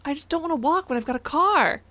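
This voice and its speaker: A woman's voice: high-pitched, animated, quick pace, sharp tone. A young woman streamer giving casual, exasperated commentary while playing a game, chatting with her audience. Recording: noticeable background noise.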